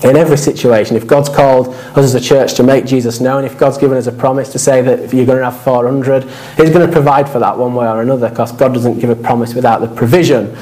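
A man's voice: mid-range voice, steady tone, fast, few pauses, warm tone, rough recording. A man preaching a sermon, earnest and repetitive, with casual asides. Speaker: pastor.

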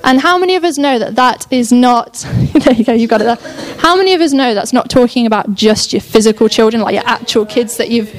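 A woman's voice: on the high side, a little fast, hardly any pauses. Enthusiastic young woman preaching. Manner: enthusiastic, chatty, self-interrupting. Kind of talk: sermon.

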